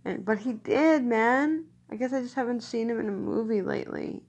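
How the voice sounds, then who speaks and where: A woman's voice: on the high side, normal speed, a little mellow, slightly rough. A woman chatting casually about films in a rambling, nostalgic way. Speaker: vlogger reviewing films. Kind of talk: casual chat.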